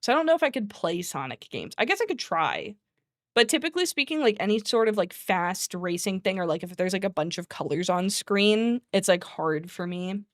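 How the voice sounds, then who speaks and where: A woman's voice: medium pitch, animated, brisk, no room sound, studio quality. A woman streamer chatting casually, rambling between topics, laughing often and swearing freely. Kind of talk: casual chat.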